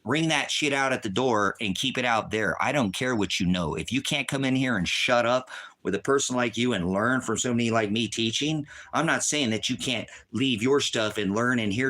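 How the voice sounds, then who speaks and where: A man's voice: medium pitch, normal speed, pushed and bright. A man hosting a livestream, ranting at a viewer in the chat, insulting and repeating himself, stumbling when angry. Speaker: livestream host teaching homesteading.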